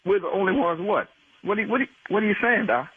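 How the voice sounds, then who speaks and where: A man on a prank phone call who becomes indignant and talks back fast and hard. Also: high voice, expressive, breathy edge, no echo. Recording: tinny phone line.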